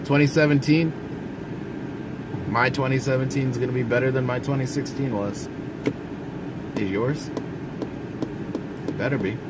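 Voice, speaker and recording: A man's voice: mid-range voice, steady tone, moderate pace, pauses often, very noisy. A man who drives trucks, giving blunt, folksy advice straight to his viewers from inside his truck cab. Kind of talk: casual advice monologue.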